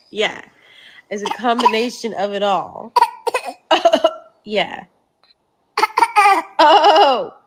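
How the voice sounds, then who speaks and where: A woman's voice: fairly high pitch, expressive, drawn-out words, pauses often, a little hiss or hum. A woman speaks as a mother in a casual clip, telling a story loosely. She fills her sentences with "like" and restarts. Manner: storytelling with many fillers. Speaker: young mother.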